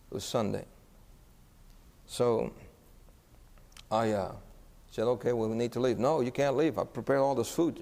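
In an echoey hall, a man preaching as a pastor earnestly tells a sermon story and asks the congregation questions. His voice is mid-range and mellow, with vocal fry.

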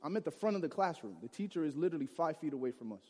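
Man, from Chicago, high-pitched, humorous storytelling, acts out the characters, reverberant hall. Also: racing. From Chicago, USA. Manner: lively, acts out the people in his story. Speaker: storyteller speaking to an audience. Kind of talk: humorous personal storytelling talk.

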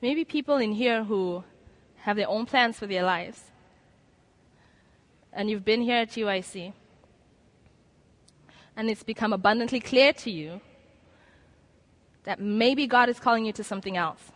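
A woman with a fairly high voice delivers a sermon in an earnest, conversational way. She slips into quoted inner voices as she presses her appeal to the listeners. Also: unhurried, pauses often. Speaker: preacher. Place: lecture room before an audience.

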